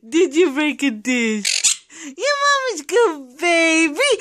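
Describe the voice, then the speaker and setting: High cooing woman talking to her birds. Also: sing-song, extremely slow, bright, forceful tone. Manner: cooing sing-song, repeats phrases, laughs often. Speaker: pet parrot owner filming her birds. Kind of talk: baby talk to pets.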